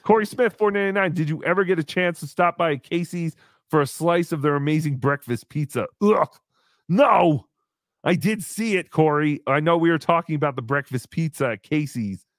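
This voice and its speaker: A man hosting a live show, telling a story in casual chat with animated, exasperated swearing. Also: a little high, normal speed, no echo, clean studio sound. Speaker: podcast host.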